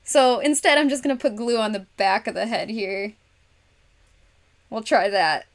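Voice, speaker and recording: A woman runs a laid-back craft livestream at a moderate pace, her voice fairly high. She keeps up a running conversation with viewers in the chat, walks herself through each stage, and laughs a lot.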